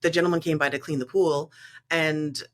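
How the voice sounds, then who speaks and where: A woman, a company co-founder, guesting on an interview show and telling a casual anecdote with animated delivery and laughter. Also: sits low, normal speed. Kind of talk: casual storytelling.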